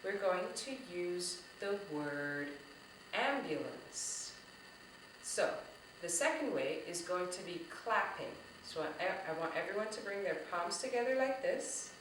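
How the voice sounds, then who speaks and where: A woman teaching young children, her words slow, patient and carefully sounded out. She is picked up from a little way off, in a room with a strong echo, and a faint hum of room noise sits under her voice. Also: on the low side, lively intonation, a bit bright. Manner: slow, patient, clearly articulated. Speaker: music teaching artist. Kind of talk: children's lesson. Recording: echoey room, voice a bit far from the mic.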